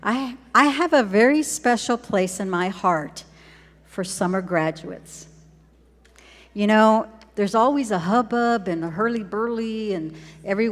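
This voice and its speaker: An older woman speaks at a podium mic in a large ceremony hall, her words carrying a long reverb. She talks slowly and deliberately, warm and encouraging as she addresses graduates. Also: mid-range voice. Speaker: school superintendent giving a graduation address. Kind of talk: ceremonial speech.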